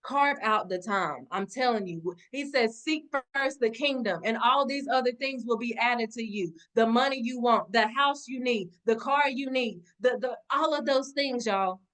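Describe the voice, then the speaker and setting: A woman's voice: fairly high pitch, normal speed, few pauses, a bit bright. A woman giving an impassioned motivational talk on a video call, preaching with repeated exhortations and calling her audience y'all. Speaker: motivational speaker.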